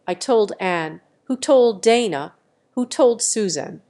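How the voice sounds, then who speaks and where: A woman's voice: mid-range voice, expressive, takes it slowly, mellow. Woman reading a memoir audiobook steadily. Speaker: audiobook narrator.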